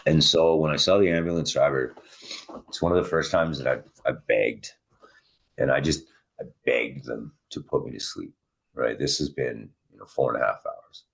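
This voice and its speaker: A man telling his own survival story in a raw, intense way, his voice rising and dropping with emotion. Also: moderate pace. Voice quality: very deep husky voice. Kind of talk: emotional first-person storytelling.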